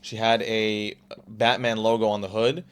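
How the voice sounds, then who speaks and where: A man's voice: lowish voice, level tone, unhurried, fairly bright tone, clean tone. A young man in his twenties from the Los Angeles area, a podcast guest telling stories in a rambling way, full of "like" and restarts. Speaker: podcast guest, car salesman. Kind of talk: casual storytelling.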